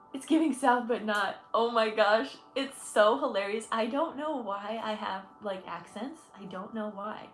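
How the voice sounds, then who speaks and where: A woman's voice: mid-range voice, slow pace, few pauses, fairly bright tone, reverberant, faint music behind. A woman in her twenties from Michigan hosting a casual livestream chat as an energy healer. She talks chattily and effusively, laughing often and thanking viewers. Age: 20s.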